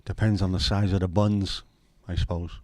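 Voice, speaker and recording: This livestream host, a northern Englishman, chats loosely with crude humor and banter, speaking flatly at an ordinary speed. His lowish voice is slightly mellow, and the sound is dry and echo-free.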